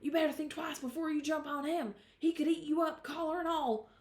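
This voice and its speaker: A woman voicing an excited young country boy who speaks to his dog in a hushed, urgent way. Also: high-pitched, brisk, pitched above the performer's own voice, close to an everyday voice. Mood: hushed excitement. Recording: roomy echo.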